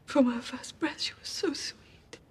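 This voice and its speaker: An actress playing a proud, bitter royal mother who is grieving, speaking in hushed, breathy whispers. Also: high-pitched, measured pace, full character voice.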